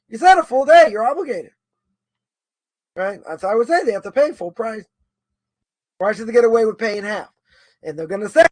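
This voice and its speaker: A man's voice: very high-pitched, lively intonation, moderate pace, long pauses, dry recording. A man teaching a religious law course, thinking aloud and arguing both sides of a question with many repetitions. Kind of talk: informal lecture answering a question.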